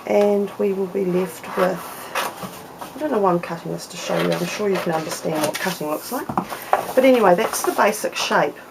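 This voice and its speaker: Chatty woman with a lowish voice. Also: moderate pace, creaky, background noise. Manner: chatty, explains step by step with fillers. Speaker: papercraft tutorial host. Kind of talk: casual craft tutorial.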